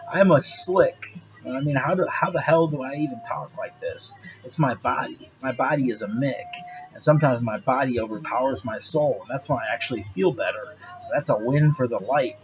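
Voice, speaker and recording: A man's voice: mid-range voice, moderate pace, lo-fi sound, music in the background. A man talking straight to his viewers in a rambling, profane monologue, laughing often. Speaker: vlogger.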